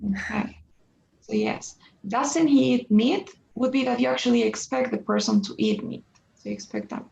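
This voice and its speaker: Woman, English tutor, slightly high pitch, gravelly fry, dull lo-fi call audio. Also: fairly even intonation, darkish tone. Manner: patient, slow explanations with restarts. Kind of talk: one-on-one online lesson.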